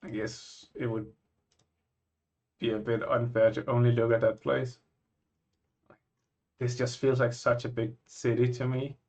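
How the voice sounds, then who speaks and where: A man from Scandinavia, a vlogger reacting to places in casual chat, musing and thinking out loud with frequent restarts. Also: mid-range voice, flat delivery, measured pace, pauses often.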